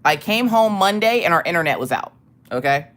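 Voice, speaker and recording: Woman streamer, lively up-and-down voice, greets chat by name, swears casually. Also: fairly low pitch, brisk. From United States. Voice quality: ticklish cough in throat. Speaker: livestream host.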